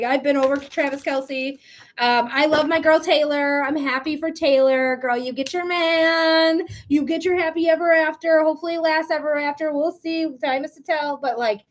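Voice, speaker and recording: A woman hosting a live psychic reading stream, chatting casually in a blunt, profane way with frequent laughs. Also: high-pitched. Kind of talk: casual livestream chat.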